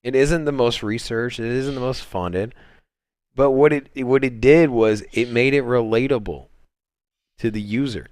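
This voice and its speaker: A man's voice: medium pitch, moderate pace, no room sound. A man hosting a casual crypto livestream, rambling along with lots of fillers and restarts. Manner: rambling, laid-back, many fillers and restarts. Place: home, on a Sunday livestream.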